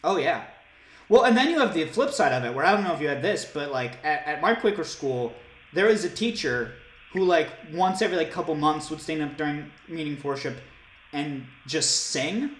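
A man's voice: on the high side, normal speed. Playful man in an echoey room. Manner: animated, jokey, breaks into loud silly voices. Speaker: podcast co-host. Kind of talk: casual comedic chat. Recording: echoey room with background noise.

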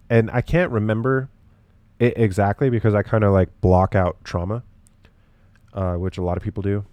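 A man's voice: on the low side, moderate pace, pauses often, a little mellow, dry recording. A young man talking in a rambling, profane way with lots of fillers, hosting a casual solo podcast.

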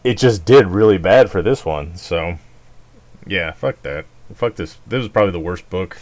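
A man's voice: low voice, moderate pace, darkish tone. A man hosting a podcast, chatting casually and ranting with lots of swearing and mocking outbursts. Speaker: podcast host. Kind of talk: casual chat.

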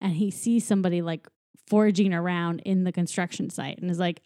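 Chatty woman with a mellow voice. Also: fairly low pitch, level tone, a little fast, no room sound, clean studio sound. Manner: chatty, acts out lines in silly voices, giggly. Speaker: podcast co-host. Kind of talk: casual movie recap chat.

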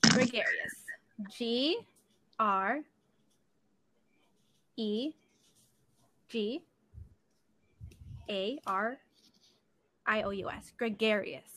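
Casting: woman, slightly high voice, slow soft speller. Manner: soft-spoken, spells letters quietly. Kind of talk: casual chat among friends.

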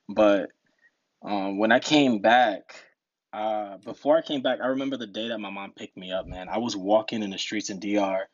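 A man's voice: fairly low pitch, moderate pace, dry recording, highs cut off. A young man from New Jersey, a podcast guest telling stories in a laid-back way, laughing often. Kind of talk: casual storytelling.

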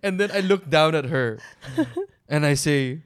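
Casual male co-host with a Filipino accent, lively storyteller. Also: on the high side, a little slow, clean tone. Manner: animated storyteller, switches languages mid-sentence. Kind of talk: casual couple chat.

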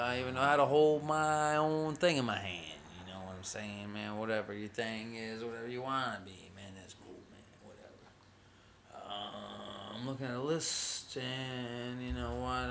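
A man's voice: medium pitch, measured pace, gravelly, fairly bright tone, slight background noise. A man hosting his own show in a rambling, casual monologue, laid-back and drawling, swearing a lot and calling everyone "man.". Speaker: podcast host.

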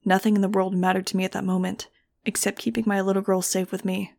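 A woman narrating a novel in the first person with a steady, earnest reading. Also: mid-range voice, quick pace, gravelly. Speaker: audiobook reader.

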